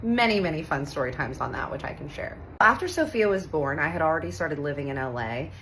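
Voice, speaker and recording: A woman in her thirties from Texas tells a personal story in a low-pitched voice that swings widely up and down. She is animated and playful, slips into quoted voices and drops casual curses. A faint hum of room noise sits underneath. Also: fairly quick, rough recording.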